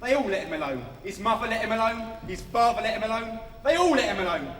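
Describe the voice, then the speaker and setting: A man's voice: sits high, very animated, quick pace, a little hiss or hum. A man playing a sneering young bully. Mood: mocking. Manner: taunting, cocky, loud stage delivery. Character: sneering bullying young male undertaker's apprentice. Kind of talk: amateur stage musical acting. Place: theatre stage. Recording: echoey hall from far off, music.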